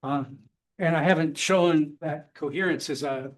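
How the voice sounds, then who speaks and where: A man's voice: on the high side, a little slow. Man lecturing with dry academic bluntness. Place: lecture hall.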